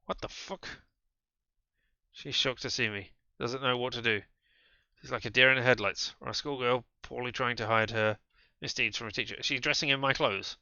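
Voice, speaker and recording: A man streaming a game, reading its first-person narration in a calm, low-key way. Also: brisk, clear, resonant tone, no room sound, lo-fi sound.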